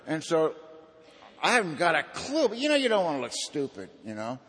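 A man's voice: fairly high pitch, wildly swooping pitch, a little fast, a bit bright, breathy edge, in a large hall. A man giving an earnest personal testimony at a recovery meeting, in a folksy storytelling manner.

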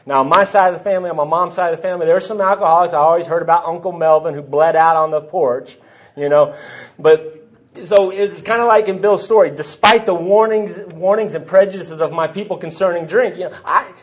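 Brief: middle-aged man, slightly higher voice, rambling self-deprecating testimony at a meeting podium. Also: fairly quick, dull audio. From Texas. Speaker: speaker at a recovery meeting. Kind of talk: personal testimony talk.

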